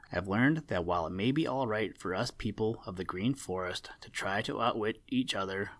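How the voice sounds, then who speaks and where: Sly chuckling crow voiced by a man, storybook figure, lowish voice, dry close sound. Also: a bit bright, no room sound. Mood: reflective. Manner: sly, chuckling, mock-kindly. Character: sly teasing male crow, sharp-eyed.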